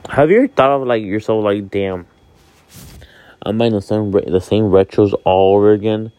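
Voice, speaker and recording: A man's voice: on the low side, normal speed, mellow, clean tone, no echo, muffled recording. Candid young man rambling, dry sound. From Miami, Florida. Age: 20s. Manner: rambling, candid, swears freely, many fillers. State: sleepy, yawning. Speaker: vlog host. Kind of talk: casual monologue.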